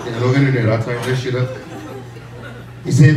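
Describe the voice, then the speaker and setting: A man in his forties doing a stand-up comedy set, telling brash stories and jumping into high squeaky character voices. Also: steady tone, fairly quick. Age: 40s. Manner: loud, brash storytelling with sudden high-pitched character voices. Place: comedy club stage with audience. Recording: echoey club recording from far off.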